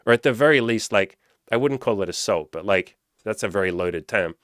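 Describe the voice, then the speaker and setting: A man speaks in a fairly low voice, delivering dating coaching as a blunt, profanity-laced monologue. He hammers his points with emphatic rhetorical questions. The sound is dry and close, with no room around it. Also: expressive, brisk, a bit bright, clean tone, dry recording. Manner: blunt, heavy swearing. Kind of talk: casual monologue to camera.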